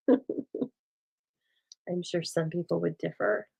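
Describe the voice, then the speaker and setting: A woman hosting a casual craft demonstration, chatty and often laughing, with a calm, soothing voice and a dry deadpan humor, recorded on a phone. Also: fairly low pitch, very slow, gravelly, breathy edge, poor audio. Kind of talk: casual chat during a craft demo.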